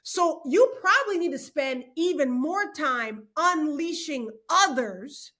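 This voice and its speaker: A middle-aged woman speaks on a faith podcast with a high, ringing voice. She is expressive and preacherly, and she laughs easily between her points. Her tone is bright and forward. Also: slow pace. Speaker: guest speaker. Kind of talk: animated podcast conversation.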